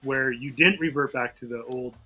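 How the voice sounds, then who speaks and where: A man co-hosting a podcast, asking questions in a halting, conversational way. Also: medium pitch, sharp tone, slightly rough, poor audio. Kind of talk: casual podcast talk.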